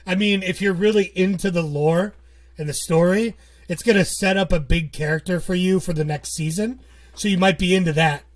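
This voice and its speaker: A man's voice: high-pitched, fairly even intonation, normal speed. A man co-hosting a podcast, chatting casually, rambling and joking with frequent laughs. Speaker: podcast co-host. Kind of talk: casual chat.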